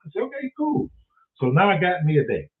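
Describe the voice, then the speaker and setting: A Detroit man with a fairly high voice talks fast as he tells a comic story, swearing freely and acting out other people's voices in an animated, profane style. The recording sounds tinny and phone-like, picked up from a distance.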